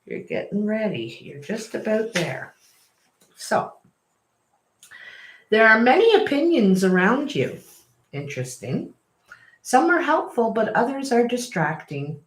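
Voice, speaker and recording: A woman giving a casual tarot reading, chatty and quick to laugh and apologize, recorded at home. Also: fairly high pitch, very animated. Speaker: tarot reader. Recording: echoey room.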